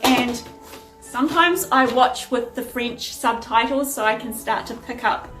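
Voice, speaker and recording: A woman's voice: fairly high pitch, measured pace, roomy sound, over music. A woman vlogging from home in a chatty, rambling way as she sorts DVDs. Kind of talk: casual chat. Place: at home sorting a DVD collection.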